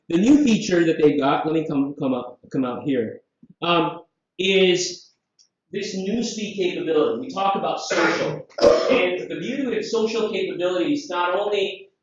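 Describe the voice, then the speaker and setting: A man from Southeast Asia giving a live conference software demo, lively and jokey, full of rhetorical questions. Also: high voice. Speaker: conference presenter. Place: conference room. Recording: very echoey, distant, dull hall sound.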